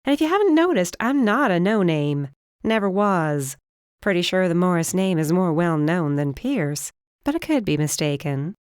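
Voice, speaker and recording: A woman's voice: on the low side, normal speed, clean tone, no room sound, clean studio sound. A woman voicing a defiant young fire witch who speaks bluntly and sarcastically in an audiobook. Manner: flat, sarcastic.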